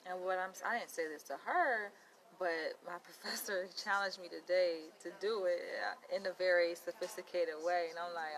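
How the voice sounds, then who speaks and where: A woman training as a psychologist vlogs casually, speaking bluntly at normal speed in a lowish voice. She's animated and acts out conversations, quoting people in dialogue, though the audio quality is poor.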